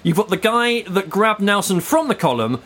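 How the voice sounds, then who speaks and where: A man's voice: sits high, very animated, normal speed, a bit bright. A man hosting comic banter, dryly recapping and asking skeptical questions.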